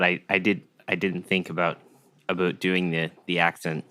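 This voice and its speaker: A man's voice: low-pitched, flat delivery, normal speed, pushed and bright, clear, resonant tone. A man co-hosting a podcast, speaking sheepishly and stumbling over his words. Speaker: podcast co-host. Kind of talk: casual podcast chat.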